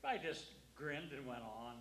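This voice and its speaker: Male veteran broadcaster, anecdotal guest, middling pitch, roomy studio. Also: unhurried, a bit bright, slight background noise. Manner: chuckling anecdotes. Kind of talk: casual talk show chat.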